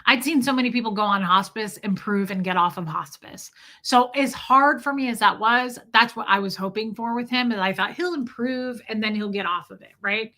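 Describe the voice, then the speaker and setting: A young woman hosts a livestream and tells a long personal story in an easy, chatty way. She keeps stopping to answer her viewers' comments before picking the story back up. Her voice is bright and sharp. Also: mid-range voice, normal speed, few pauses. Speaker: livestream host. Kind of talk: casual storytelling to a live chat.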